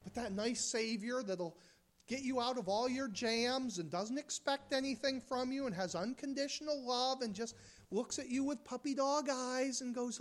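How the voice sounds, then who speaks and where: A woman's voice: high voice, normal speed. A woman from the United States preaching a sermon, emphatic, with rhetorical questions and mocking asides.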